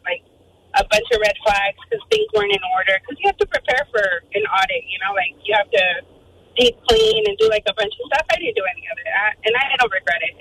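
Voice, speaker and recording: A woman phones in to a radio show and tells her story at a quick clip. Her voice jumps around a lot in pitch and has a bright, gravelly edge. She fills her talk with likes and ums and acts out what people said. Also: a little hiss or hum, poor audio. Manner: animated storytelling with lots of fillers and acted-out quotes. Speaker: caller. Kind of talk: telling a story on a radio call-in.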